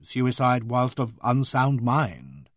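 A male reader voicing a young woman who speaks brightly and directly, in a lifted, lighter voice. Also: medium pitch, sing-song, slow, no room sound, clean studio sound. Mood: wry.

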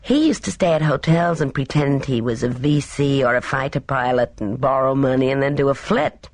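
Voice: medium pitch, moderate pace, no room sound, natural voice. A reader voicing a cheerful, careless young woman who chatters in airy, slangy upper-class talk. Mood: breezy.

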